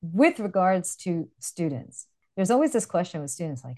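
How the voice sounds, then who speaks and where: A woman co-hosting a casual podcast as a dance instructor, chatty and quick to laugh. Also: fairly low pitch, sing-song, warm tone.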